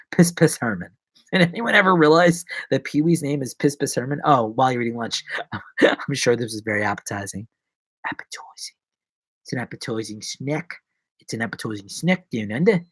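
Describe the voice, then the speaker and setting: A young adult man, an actor and vlogger, chatting casually on a live stream in a jokey, rambling way, jumping between loud bursts and low mumbles. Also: lively intonation, brisk, husky, no echo.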